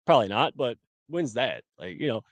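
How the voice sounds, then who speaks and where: A man in casual livestream chat who keeps calling people dude and laughs through his stories. His voice sits at a middle pitch and comes across dry and close, with no room around it, through a call mic. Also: sing-song, a little fast, dry recording. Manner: loose, laughing, says dude and man a lot. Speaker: livestream co-host.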